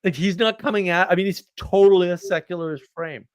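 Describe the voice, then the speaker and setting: A man's voice: high-pitched, brisk, smooth, no echo. A man hosting a casual, rambling chat, blunt and self-deprecating, joking as he talks. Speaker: host.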